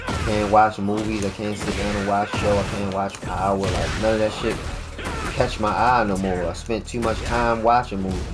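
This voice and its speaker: A man's voice: on the low side, fairly even intonation, normal speed. A man chatting casually and profanely while streaming a fighting game, rambling and joking around. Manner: laid-back, rambling, profane, slips into goofy freestyle rhymes. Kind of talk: casual gaming stream chat. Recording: game music playing loudly underneath. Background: game music.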